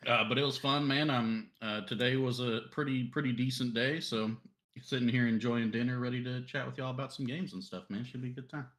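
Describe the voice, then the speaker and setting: A man's voice: medium pitch, fairly even intonation, a little fast, fairly bright tone. A man co-hosting a gaming podcast, chatting casually with teasing jokes. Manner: joking, teasing banter. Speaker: podcast co-host.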